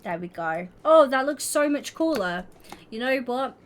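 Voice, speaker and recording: A woman's voice: sits high, animated, measured pace. A young woman streaming, chatting casually and giggling as she talks to her viewers. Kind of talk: casual livestream chat while gaming.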